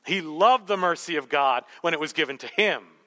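A man preaching a sermon, emphatic and rhetorical, telling the story with animated asides. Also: a little high, moderate pace, long reverb tail. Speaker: pastor.

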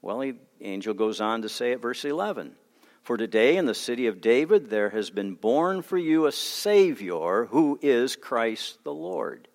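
A man preaching a sermon as pastor, earnest, moving between quiet asides and emphatic declarations. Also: medium pitch, expressive, unhurried. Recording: long hall reverb.

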